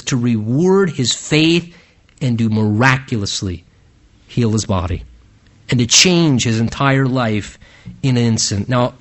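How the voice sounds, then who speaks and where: Pastor, male, sermon delivery; bright, slightly high voice with dramatic swings from loud peaks to hushed lows. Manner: swings between soaring emphasis and hushed low phrases; earnest and emphatic, with drawn-out slow stresses.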